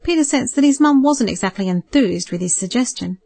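Calm woman narrating a novel. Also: on the high side, slightly rough, no room sound. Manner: calm, measured storytelling. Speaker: audiobook narrator. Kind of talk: scripted narration.

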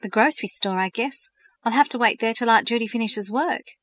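A woman's voice: a little high, fairly quick, a bit bright, dry recording, clean studio sound. Woman reading as an earnest teenage girl. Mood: surprised. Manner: questioning, earnest. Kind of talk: storybook reading.

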